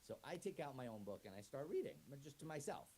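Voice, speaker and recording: Middle-aged guy teaching, acts out little scenes, pitch jumps all over, mellow tone, bit of hiss. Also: quick pace, low-quality recording. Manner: animated storyteller who acts out both sides of a scene in voices. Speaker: autism educator and speaker. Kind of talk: lively talk to an audience.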